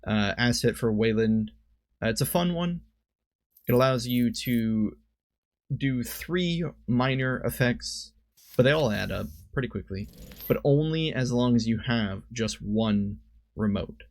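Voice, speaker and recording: A man's voice: medium pitch, animated, a little slow, dry recording. A man giving casual commentary on a card game, thinking aloud and often stopping to correct himself. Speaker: streamer and commentator.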